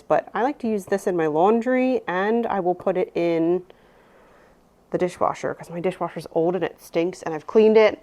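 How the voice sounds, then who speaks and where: Mom in her 30s rambling thru her grocery haul, lots of ums, kinda low voice. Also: a little mellow. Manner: chatty, rambling with many "um"s. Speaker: vlogger, mother. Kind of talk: casual grocery haul narration.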